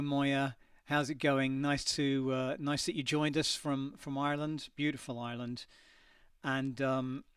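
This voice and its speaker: A middle-aged man chatting casually on a livestream, reading out viewer messages and greeting people by name with frequent ums and little restarts. His voice sits at an ordinary middle pitch and comes from a little way off the mic. The studio sounds dry, with no echo. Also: recorded from a distance. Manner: chatty, hesitant, many ums. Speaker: singer hosting a live stream.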